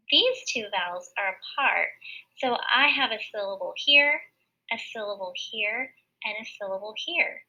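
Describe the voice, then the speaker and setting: A woman teacher giving a recorded phonics lesson to young children, explaining each step slowly, clearly and patiently. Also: on the high side, sharp tone. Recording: dull lo-fi recording.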